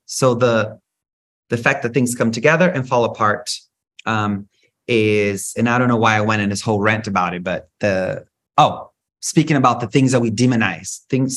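A man hosting a solo spiritual podcast, talking in an animated, profane, rant-like way with big swings in pitch. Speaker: podcast host.

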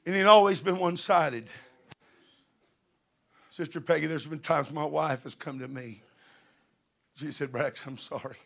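A middle-aged preacher man with a high, gravelly voice. His tone is bright and forceful, and his fervent sermon climbs to shouted peaks. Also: measured pace, pauses often. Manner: fervent, building to shouted passages.

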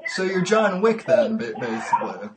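A man hosting a casual livestreamed call-in podcast, talking in a halting way and repeating his words. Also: medium pitch, very animated, slight background noise. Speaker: podcast host.

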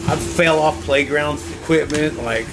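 A man from Oklahoma in relaxed casual chat, laughing often and filling his talk with "like". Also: on the high side, measured pace, noisy background. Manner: laid-back, laughs often, lots of "like".

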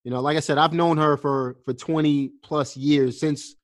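A man's voice: a little high, steady tone, moderate pace. A man hosting a podcast, talking earnestly and encouragingly, with frequent fillers and restarts. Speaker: podcast host. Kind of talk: casual podcast interview.

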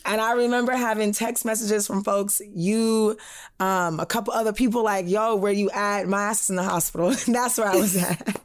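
Young woman podcast co-host, casual and lively, slips into voices for the people in her stories, middling pitch. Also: normal speed. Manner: animated storytelling, acts out quoted voices, frequent laughs. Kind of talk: casual chat.

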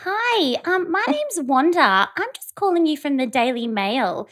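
A woman's voice: high voice, sing-song, measured pace, fairly bright tone, heavily acted. A woman voicing a fake-polite female tabloid reporter on a prank phone call, full of ums. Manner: sugary professional tone full of ums. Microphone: phone on speaker.

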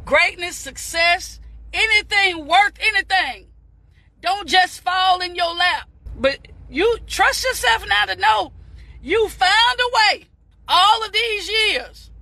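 A woman giving an impassioned motivational talk on a live stream, repeating phrases and breaking into shouts. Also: very high voice, no echo. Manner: fervent, preachy, repeats phrases, bursts into shouts; addresses viewers as "beautiful people".

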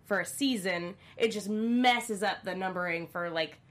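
A woman's voice: mid-range voice, measured pace, a bit bright. A woman co-hosting a podcast, chatting casually and laughing along with her guest. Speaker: podcast co-host.

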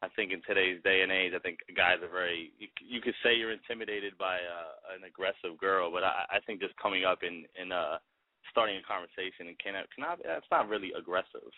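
A male caller from the Boston area chats casually, stumbling over his words. His voice sits a little low. It comes through dry and phone-thin. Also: a little fast, no echo. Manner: rambling, hesitant, repeats words. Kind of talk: casual call-in chat. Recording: tinny phone line, dry.

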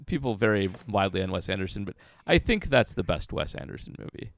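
A man's voice: low voice, very animated, quick pace, vocal fry. A man co-hosting a casual sports podcast, giving dry, opinionated takes. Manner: dry, opinionated analysis with frequent restarts. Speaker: podcast co-host.

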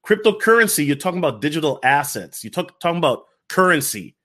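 A man's voice: fairly high pitch, fast talker. A man hosting a casual reaction video, talking in slang, restarting and repeating himself. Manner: animated, slangy, repeats himself, calls others dog. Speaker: crypto YouTuber reacting to a video.

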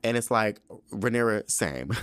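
A young man hosting a podcast, recapping a TV episode in a sassy, profane, animated way and slipping into quick voices for the characters. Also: on the low side, smooth, no room sound. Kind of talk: casual recap monologue.

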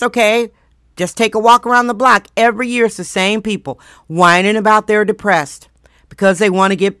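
Blunt, slightly hoarse woman podcast host. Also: mid-range voice, a bit bright, no room sound, clean studio sound. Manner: blunt, emphatic, drawn-out stresses. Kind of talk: opinionated monologue.

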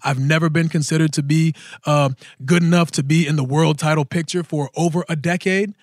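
A man in his thirties, co-hosting a podcast, telling a story in a casual, animated way and acting out the voices of people he quotes. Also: on the high side, a little fast, no echo, studio quality. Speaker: podcast host.

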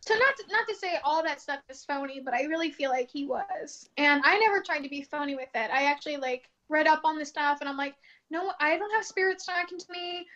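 A woman with a high voice chats casually on a podcast. Her tone is bright and ringing. She tells animated stories and acts out the people she quotes, laughing often. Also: fast talker, hardly any pauses, muffled recording. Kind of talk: casual chat, storytelling.

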